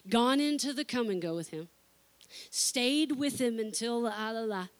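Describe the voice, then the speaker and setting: Animated woman pastor telling a story. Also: fairly high pitch, unhurried. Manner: animated storyteller acting out quotes. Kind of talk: sermon storytelling.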